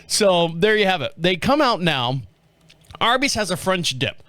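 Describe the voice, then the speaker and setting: A man's voice: high-pitched, big pitch swings, measured pace, sharp tone, dry recording. Rambling man hosting a podcast. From southern United States. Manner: rambling, chuckling, joking. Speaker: podcast host. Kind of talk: casual chat.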